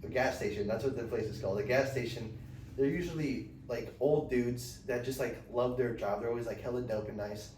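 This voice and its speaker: A man's voice: mid-range voice, brisk, darkish tone. A young man on a podcast, telling a long rambling story in casual slang and acting out quotes. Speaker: podcast host. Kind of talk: casual chat. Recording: echoey room, mic at a distance, faint noise.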